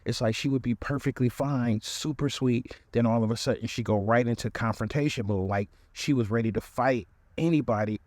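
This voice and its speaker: A male podcast host telling a comic dating story in an animated, conversational way, acting out the voices he quotes. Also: mid-range voice, brisk, no echo.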